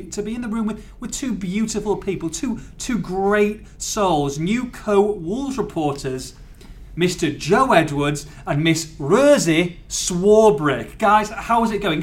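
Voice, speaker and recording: A man hosting a sports podcast, exuberant and joking, often stumbling and restarting his sentences. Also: sits high. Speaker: podcast host. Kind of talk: casual chat.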